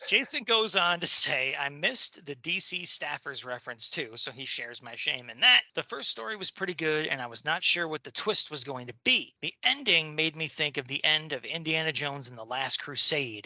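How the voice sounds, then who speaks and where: A man co-hosting a podcast, reading listener mail aloud in a casual, jokey way with quick asides. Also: medium pitch, pushed and bright, dry recording. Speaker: podcast co-host.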